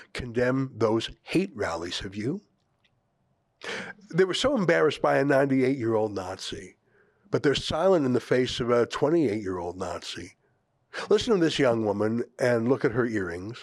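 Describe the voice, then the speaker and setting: A man's voice: mid-range voice, sing-song, moderate pace, no echo. A man hosting an opinion commentary show, speaking emphatically and firing off sarcastic rhetorical questions. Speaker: host.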